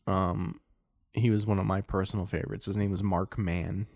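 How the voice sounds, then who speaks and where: A man on a podcast sharing stories in casual banter, halting now and then. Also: low voice, flat delivery, vocal fry, a little mellow, dry recording, studio quality. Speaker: podcast co-host.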